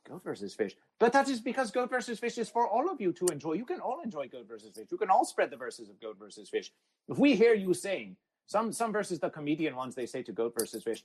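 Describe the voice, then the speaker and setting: A man's voice: sits high, big pitch swings, fast talker, darkish tone, breathy edge, rough recording. A man hosting an absurdist comedy podcast who talks about himself in the third person, speaks formally without contractions and repeats his catchphrases like a chant. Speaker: podcast host. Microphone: phone app audio.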